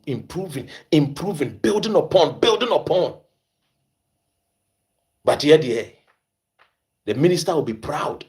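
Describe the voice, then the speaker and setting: A man from Ghana with a Ghanaian accent, hosting an impassioned commentary in a preachy way, repeating phrases for emphasis. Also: a little high. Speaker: host.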